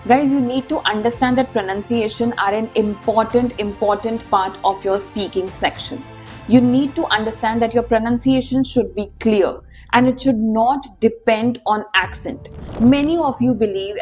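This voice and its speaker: A woman teaches an online exam-prep lesson. Her voice sits a little high, and she speaks in an emphatic, instructive way, calling her viewers "guys." Soft music plays faintly underneath. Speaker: IELTS teacher.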